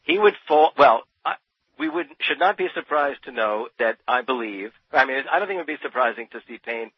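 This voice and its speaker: A man's voice: mid-range voice, animated, a little fast, breathy edge, no echo. A man from New Jersey, a radio interview guest, speaking passionately and emphatically, often repeating words as he builds a point. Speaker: radio guest, expert on Thomas Paine. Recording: dull, dry lo-fi radio sound.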